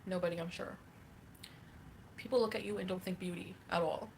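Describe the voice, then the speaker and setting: A woman's voice: fairly low pitch, steady tone, a little fast, vocal fry, a little mellow, slight background noise. A woman livestreaming, reading chat and ranting in a catty, mocking way with frequent laughs.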